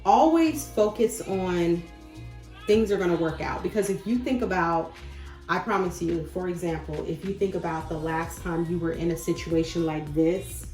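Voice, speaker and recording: A woman's voice: fairly low pitch, moderate pace. Chatty woman vlogger in an echoey room. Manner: chatty, loose and goofy, with sudden loud bursts. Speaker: spiritual vlogger. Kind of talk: casual encouraging talk to camera. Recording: echoey room with faint music.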